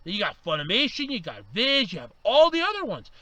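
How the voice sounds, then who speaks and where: A man ranting angrily to camera, swearing and raising his voice to yelling, his voice strained from shouting. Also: high voice, huge pitch swings, fairly quick, dry recording, rough recording. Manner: heated, swearing, raises voice to yelling. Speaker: vlogger. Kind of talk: angry ranting monologue.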